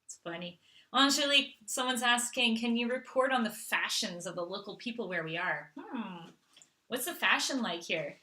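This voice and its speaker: A woman's voice: on the high side, animated, normal speed, pushed and bright. A middle-aged woman from Canada hosting a casual live Q&A, chatting and reading out viewer questions. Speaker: host.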